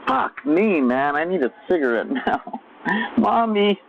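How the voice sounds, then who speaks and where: A man's voice: fairly high pitch, very animated, moderate pace, phone-quality sound, noisy background. A man live-streaming alone, rambling and swearing as he entertains himself. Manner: rambling, profane, self-amused. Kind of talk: casual live-stream monologue. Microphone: desk microphone.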